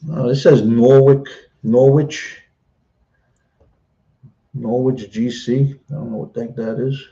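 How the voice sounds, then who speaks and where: Gravelly-voiced man rambling on a live stream. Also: medium pitch, fairly even intonation, slow pace, warm tone, lo-fi sound. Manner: rambling, chatty, repeats himself. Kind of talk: casual live stream chat.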